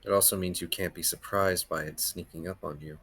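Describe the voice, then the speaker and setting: A man playing his character in a tabletop game, speaking calmly and reasoning things out. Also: sits low, a little fast, husky. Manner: calm, reasoning. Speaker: player.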